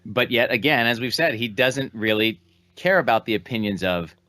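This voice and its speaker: A man co-hosting a political podcast, with a voice of average pitch. He lays out facts in a measured, explanatory way. The sound is dry, with no room echo. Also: pushed and bright. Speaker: podcast co-host. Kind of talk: casual political podcast chat.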